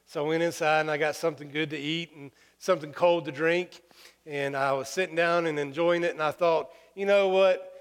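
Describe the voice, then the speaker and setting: Folksy preacher in an echoing hall. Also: male voice, fairly high pitch, flat delivery, a bit bright, clear, resonant tone. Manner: folksy, halting with fillers, humorous. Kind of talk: sermon storytelling. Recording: long hall reverb.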